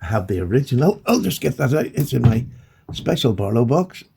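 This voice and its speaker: A gravelly, husky man, talking in an excitable, gushing way. He chats casually and warmly straight to the viewer, as though showing off a collection. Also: medium pitch, brisk. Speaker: knife collector vlogger. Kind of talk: casual unboxing chat.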